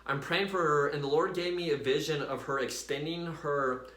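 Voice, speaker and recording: A man casually telling a personal faith story to his viewers in a chatty, animated way, full of fillers. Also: fairly high pitch, moderate pace, roomy sound. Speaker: vlogger sharing a faith story.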